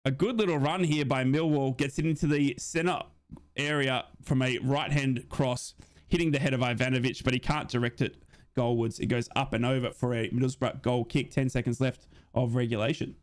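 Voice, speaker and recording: Speaking at normal speed, a fan streamer gives lively live football commentary for a watch-along. He answers viewer comments after reading them out, and his voice shoots high whenever something big happens.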